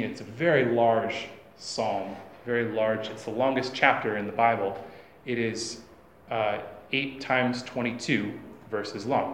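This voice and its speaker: A man giving a classroom lecture, halting, with many fillers and restarts. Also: lowish voice, roomy sound, slight background noise.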